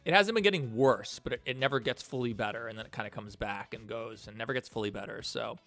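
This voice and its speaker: A man's voice: mid-range voice, quick pace, fairly bright tone, soft background music. A man livestreaming while he builds a game, chatting and thanking donors as he works. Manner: rambling, thanks donors mid-work. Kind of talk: casual livestream chat.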